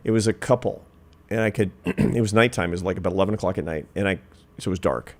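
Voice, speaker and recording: Deep-voiced man in his fifties telling a story. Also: quick pace. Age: 50s. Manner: earnest, reflective, builds to emphatic points. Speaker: guest, social scientist. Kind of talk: storytelling in a podcast interview.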